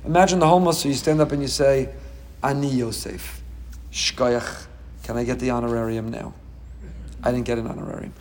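Animated male rabbi in an echoey hall. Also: mid-range voice, a little hiss or hum. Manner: animated, dramatic storytelling with quick asides. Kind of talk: Torah class sermon.

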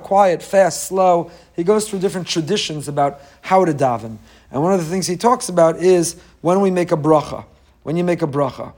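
A man teaching a Torah class in a lively way, often acting out the people he quotes. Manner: animated, acts out quoted voices with rising pitch. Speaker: rabbi.

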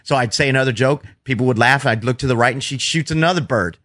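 A man's voice: mid-range voice, quick pace, dry recording. Profane storytelling comedian man, dry sound. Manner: profane, animated storytelling with acted-out quotes. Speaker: stand-up comedian guest. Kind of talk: casual podcast chat.

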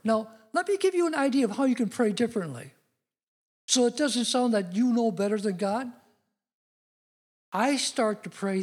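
Husky-voiced middle-aged man preaching. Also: very high voice, animated, moderate pace, pauses often. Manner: earnest, storytelling, rising to emphatic declarations. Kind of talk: sermon.

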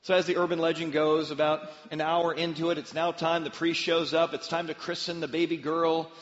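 Storytelling from the pulpit, a pastor with a fairly high voice speaks briskly and occasionally performs the voices of the people in his tales. The recording is dull, trailing a long reverb.

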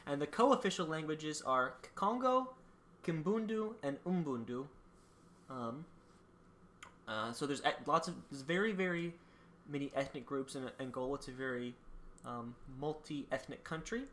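Low-voiced woman co-hosting a podcast. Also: normal speed, a little hiss or hum. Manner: reads facts with dry jokes, frequent ums. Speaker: podcast co-host presenting country facts. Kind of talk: casual podcast chat.

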